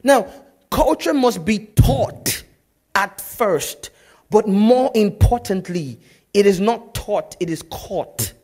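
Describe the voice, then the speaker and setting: A man preaching a sermon as pastor, telling stories in a lively way that swings from loud to hushed. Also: sits high, takes it slowly.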